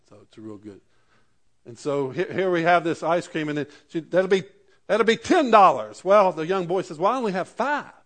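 High-voiced preacher, conversational. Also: male voice. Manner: conversational preaching with rising emphatic peaks. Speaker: pastor. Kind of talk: sermon.

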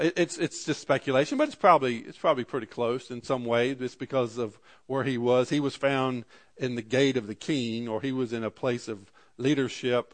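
A man preaching a sermon, reading scripture slowly and dropping his voice for asides. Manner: slows and rises for scripture readings, drops low for asides; archaic scripture readings, repeated "Amen". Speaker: pastor.

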